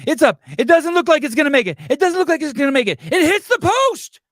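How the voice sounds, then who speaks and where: A man's voice: a little high, big pitch swings, a little slow, no echo, studio quality, voice pushed up. A man mimicking an overexcited male football play-by-play announcer who builds breathlessly and repeats his calls. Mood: hyped.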